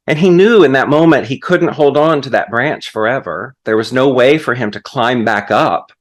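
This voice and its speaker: A man's voice: medium pitch, normal speed. A man preaching as a guest minister, leading a prayer and then telling a story in a sermon.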